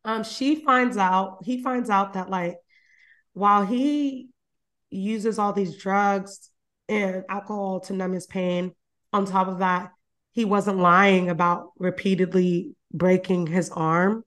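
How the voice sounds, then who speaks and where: A woman's voice: mid-range voice, steady tone, slow pace, fairly bright tone. A woman host casually retelling a novel's plot. She talks loosely, swears freely, laughs often and leans on fillers like "you know". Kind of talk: casual book recap chat.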